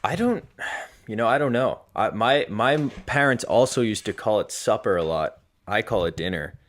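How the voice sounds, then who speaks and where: A man's voice: lowish voice, lively intonation, normal speed. A man co-hosting a podcast in casual chat, joking and rambling with restarts. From Massachusetts. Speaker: podcast co-host.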